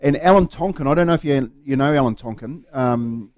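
A man's voice: mid-range voice, a little fast, a little mellow, no echo. A man with a New Zealand accent co-hosting breakfast radio, telling a rambling story. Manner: rambling anecdotal, chatty. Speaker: radio co-host. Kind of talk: casual radio banter. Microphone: studio microphone.

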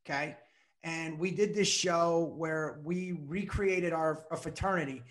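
A comedian guest telling an animated story with laughs on a casual podcast. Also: male voice, a little high, a little slow.

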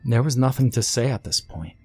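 A man reading a first-person creepypasta horror story aloud in a slow, hushed, somber narration. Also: medium pitch, lively intonation, slightly rough, soft background music.

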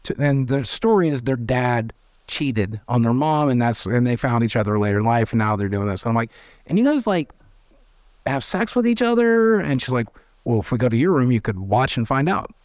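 A man, telling candid stories as an interview guest, animated and swearing freely as he acts out quoted voices. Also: medium pitch, fairly quick, no echo, studio quality. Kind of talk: candid storytelling.

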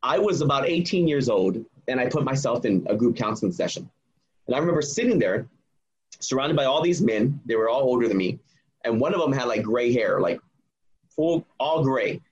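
A man's voice: mid-range voice, expressive, moderate pace, breathy edge, lo-fi sound. A man in his forties, a memoir author, telling his story earnestly and emphatically as a podcast guest. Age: 40s. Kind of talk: casual podcast conversation.

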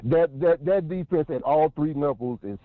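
A man calling in as a guest analyst who breaks down a game in long, energetic, running sentences. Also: on the high side, normal speed, dry recording. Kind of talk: casual sports analysis. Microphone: phone call. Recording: tinny dry phone line.

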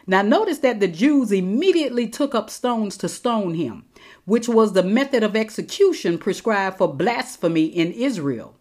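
A woman teaching the Bible in a sermon style, slowing down to stress quoted scripture. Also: medium pitch, animated, a little mellow. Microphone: recorded teaching episode.

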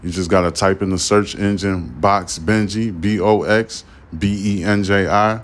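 A man's voice: sits low, steady tone, measured pace. A man in his forties hosting a podcast, telling stories in a casual monologue full of profane street slang and asides. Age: 40s. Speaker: podcast host.

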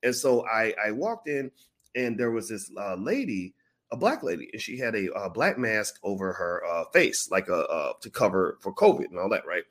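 Animated man telling a story. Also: on the low side, moderate pace. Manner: animated, acts out the people in his stories. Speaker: vlogger. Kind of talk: casual storytelling.

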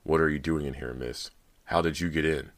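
A man's voice: very deep voice, steady tone, brisk. A man voicing a stern middle-aged security guard who turns eager and starstruck, in an audiobook reading.

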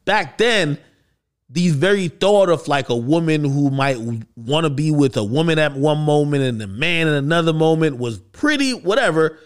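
Male podcast host, casual commentary, fairly high voice, lively swoops, conversational. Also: normal speed, clear, resonant tone. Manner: conversational, questioning, animated.

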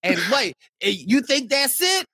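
A man's voice: very high-pitched, big pitch swings, a little slow, bright, forceful tone, breathy edge, dry recording, studio quality. A young man co-hosting a casual podcast chat, laughing often and hyping upcoming tour dates in a playful way. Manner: laughing, hyped, playful promo delivery. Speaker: podcast co-host promoting live tour.

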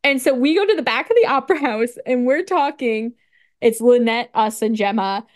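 A woman co-hosting a podcast, casually recapping a story with lively retellings, frequent "like", casual swearing and laughter. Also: fairly high pitch, normal speed. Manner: animated storytelling, acts out dialogue, frequent "like". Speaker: podcast co-host. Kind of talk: casual chat recapping a video game story.

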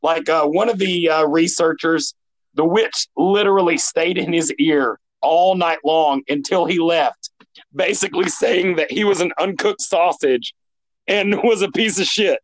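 A man co-hosting a podcast in casual chat, telling stories in an animated way with lots of fillers. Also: fairly high pitch, unhurried, poor audio. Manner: animated, filler-heavy storytelling. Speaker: podcast co-host.

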